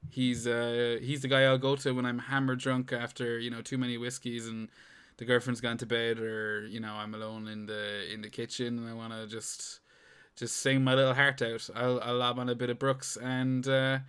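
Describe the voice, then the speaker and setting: A man's voice: medium pitch, level tone, normal speed, a bit bright, clean tone. A young man co-hosting a podcast, rambling, joking and swearing in casual banter. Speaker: podcast co-host.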